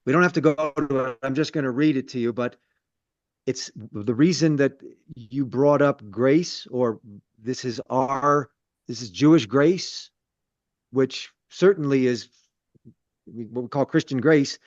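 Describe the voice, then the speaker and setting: Leading Torah study in an easygoing, conversational way, this rabbi repeats words and pokes fun at himself now and then. He speaks unhurriedly in a mid-range voice, captured without echo but with dull lo-fi quality.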